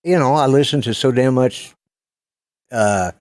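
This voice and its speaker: A man in his sixties with an Oklahoma-flavored Southern American accent rambles through stories on a casual live stream, sprinkling in mild cussing. His voice sits at an ordinary middle pitch. The recording is dry, with almost no room sound. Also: a little slow, darkish tone, no room sound. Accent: Oklahoma-tinged Southern American. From Colorado, US. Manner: rambling storyteller who swears casually. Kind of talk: casual chat.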